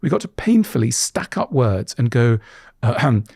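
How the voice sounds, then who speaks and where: Lively, husky man explaining ideas. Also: moderate pace, no room sound, clean studio sound. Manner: animated, acts out little quoted scenes with leaps in pitch; frequent restarts and stumbles. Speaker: podcast guest. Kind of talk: conversational explanation. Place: podcast studio.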